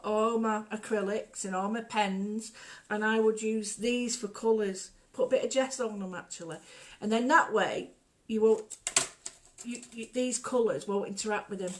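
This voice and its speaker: A middle-aged woman hosting a casual craft tutorial, chatty and jokey, drifting off into stories. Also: a little high. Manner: chatty, digressive, jokey storyteller. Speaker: art workshop host.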